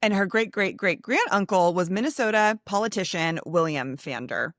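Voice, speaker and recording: A woman's voice: mid-range voice, animated, moderate pace, a bit bright, dry recording, studio quality. A woman co-hosting a podcast in a bubbly, chatty way, full of fillers. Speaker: podcast co-host. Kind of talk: casual chat.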